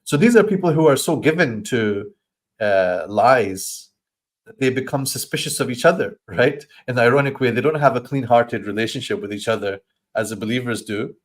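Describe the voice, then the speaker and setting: A man teaching a Quran study session, explaining verses with thoughtful pauses and reciting Arabic lines quickly. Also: mid-range voice, expressive. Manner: thoughtful, stops to search for words, acts out voices in quoted lines.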